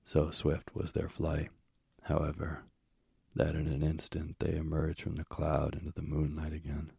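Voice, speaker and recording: A man who narrates an audiobook of a myth in a measured, steady way. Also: very deep voice, vocal fry, slightly rough, no echo, clean studio sound.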